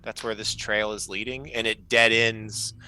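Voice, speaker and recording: A man narrating a tabletop game as game master, with relaxed, lively storytelling. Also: fairly low pitch, measured pace, low-quality recording.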